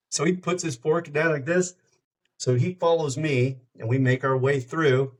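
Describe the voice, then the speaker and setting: A middle-aged man who hosts radio spins casual stories on a podcast, speaking in a mid-range voice at a moderate pace. The recording is rough, and he performs the voices of anyone he quotes with plenty of energy.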